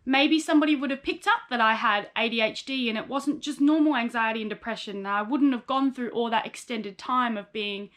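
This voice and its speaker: A woman's voice: on the high side, brisk, hardly any pauses, a bit bright. A young woman, a psychologist in training, talking candidly and with feeling about her own story in a personal vlog, often quoting herself and others.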